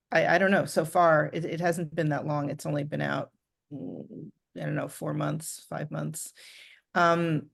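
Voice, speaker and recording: A woman author chatting on a video call, animated, acting out little quotes and laughing often. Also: low-pitched, gravelly. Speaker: author guest. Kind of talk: casual conversational interview.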